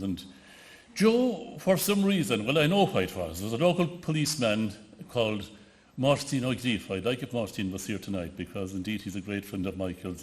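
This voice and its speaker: A man from the west of Ireland with a Connemara accent gives an anecdotal tribute speech, often restarting and hesitating as he tells his stories. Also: medium pitch. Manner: storytelling with frequent restarts and hesitations. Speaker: award ceremony speaker.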